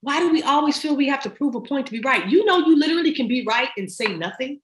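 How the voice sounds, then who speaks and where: Animated middle-aged woman giving advice. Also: high voice, fast talker. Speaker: podcast guest. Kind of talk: casual chat. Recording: roomy echo.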